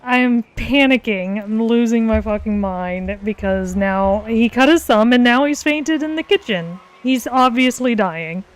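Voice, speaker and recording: A woman's voice: on the high side, unhurried, hardly any pauses. A young woman casually telling a story on a live stream, laughing often as she talks. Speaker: co-host of art and gaming stream.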